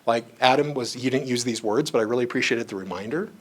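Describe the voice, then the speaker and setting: A man's voice: medium pitch, quick pace, breathy edge. A man giving a staff training on psychology, talking conversationally and acting out the people in his stories. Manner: conversational, acts out quoted voices in stories; frequent asides like "you know" and "right". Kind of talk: training lecture with anecdotes.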